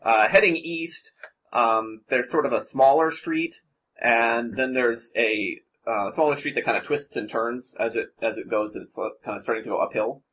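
A man running a tabletop game as game master, narrating in a halting way with many restarts. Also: medium pitch, a bit bright. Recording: dull lo-fi mic, faint noise.

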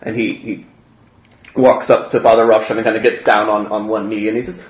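A man's voice: lowish voice, flat delivery, brisk. A man narrating as game master, hesitant and full of fillers. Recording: roomy, dull, faint noise.

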